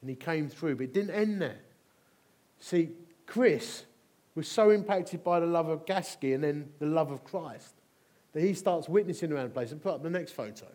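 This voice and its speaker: Preaching a sermon, a middle-aged Englishman tells stories full of humour and emphatic repetition. His voice is a little high and moves at a moderate pace, and his delivery is animated.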